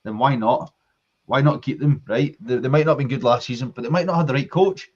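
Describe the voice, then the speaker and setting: A Scottish man in full flow on a fan podcast, pressing his case with passion and barely pausing. His voice sits at an ordinary middle pitch. The sound is dull and lo-fi, like an online call. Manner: passionate, talks in long runs of argument. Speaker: podcast co-host. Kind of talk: casual football fan chat.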